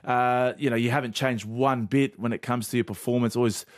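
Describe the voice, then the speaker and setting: A man's voice: medium pitch, steady tone, fairly quick, no room sound, studio quality. A man co-hosting a sports chat, asking loose, rambling questions. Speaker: podcast co-host.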